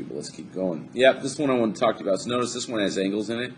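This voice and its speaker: A man's voice: on the low side, lively intonation, rapid-fire, slight background noise. A man teaching a recorded math lesson, chatty and upbeat, joking to himself as he draws on screen. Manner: upbeat, chatty, jokes to himself while drawing.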